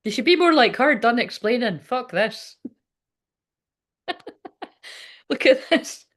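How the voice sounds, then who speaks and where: A woman's voice: on the high side, animated, slow. A woman giving a casual tarot reading, chatty and frank, swearing often and laughing as she talks. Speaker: tarot reader.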